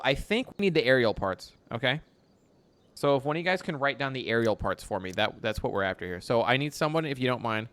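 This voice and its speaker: A man's voice: mid-range voice, animated, fast, fairly bright tone. A young man streaming a game live, chatting with his viewers and reading lines aloud in playful theatrical bursts with crude jokes.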